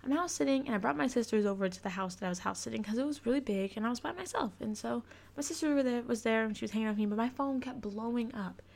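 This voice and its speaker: A woman's voice: on the high side, quick pace, creaky, a little mellow. A young woman hosting a podcast, telling a personal story in a frank, confessional way and swearing freely. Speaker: podcast host.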